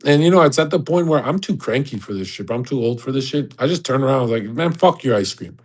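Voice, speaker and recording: A man's voice: medium pitch, fast talker, poor audio. A young adult man, hosting an audio chat room in a blunt, crude, casual rant.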